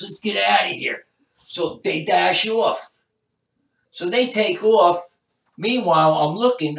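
This is a New man doing stand-up, a rambling storyteller who keeps circling back to the same points. His voice sits a little high and sounds bright and forceful. It carries through an echoey room from a step back off the mic. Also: far from the mic. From New Jersey. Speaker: comedian.

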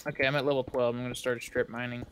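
A man's voice: mid-range voice, little pitch movement, rapid-fire, a crowd in the background. A man chatting playfully during a game, given to dramatic outbursts. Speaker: gamer. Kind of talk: casual gameplay chat.

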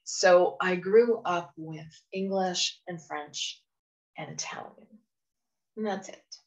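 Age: adult. Sex: woman. Origin: Canada. Role: phone communication trainer. Style: encouraging webinar talk, slightly low voice. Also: slow, poor audio. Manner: earnest, encouraging, with frequent "you know" asides. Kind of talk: webinar presentation.

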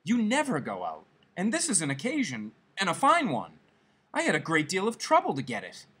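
A timid clerk husband stammers and coaxes, keen to please, as a male reader puts him on. His voice is husky and lively, rising and falling as he talks, in a storybook read aloud. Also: sits high, a little fast, pitched above the performer's own voice, heavily acted. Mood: eager. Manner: stammering, hopeful.

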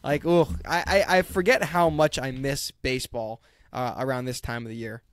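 A man's voice: mid-range voice, steady tone, normal speed, a bit bright, no echo. A tired man chatting casually as a podcast co-host, rambling with lots of fillers and restarts. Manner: rambling, self-deprecating, many fillers. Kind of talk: casual chat.

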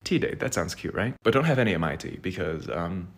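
A man who is a bit sick and hoarse, talking to the camera in a soft, teasing, flirty way. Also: low-pitched, animated, brisk.

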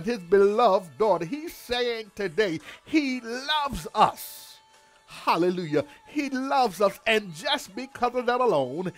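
A man pastor delivering a devotional sermon, repeating words and calling out hallelujahs in a preacher's cadence. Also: high-pitched.

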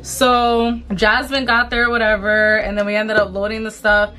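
Young woman, beauty vlogger, indignant storytime, bright tense voice, slangy and repetitive, faint music behind. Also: fairly high pitch, flat delivery, normal speed. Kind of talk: storytime chat while doing makeup.

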